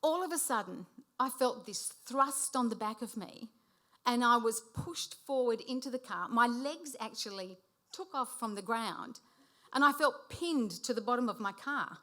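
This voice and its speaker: Bright-voiced woman in her fifties telling a story. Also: a little high, normal speed. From Sicilian heritage. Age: 50s. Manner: animated, comic, laughing through the telling. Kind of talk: live personal storytelling. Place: hall before a live audience.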